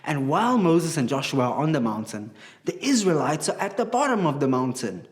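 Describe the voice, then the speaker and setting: A man teaching a children's Bible class, telling the story in an animated, chatty way and asking the kids questions. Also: fairly high pitch, brisk.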